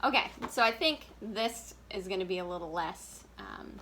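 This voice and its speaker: A woman librarian walks through a puppet craft in a relaxed, chatty way, giggling between steps and using plenty of filler words. Her voice is bright and clear, at a middle pitch. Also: moderate pace, slight background noise. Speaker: children's librarian. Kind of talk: casual craft tutorial.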